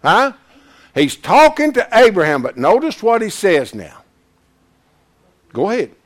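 A man teaching a Bible class in sermon style, folksy and animated, breaking into shouts to press a point. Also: high voice, unhurried.

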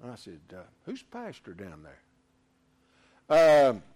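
A man preaching a sermon, fervent, swinging from loud exclamations to quiet asides. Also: medium pitch, measured pace.

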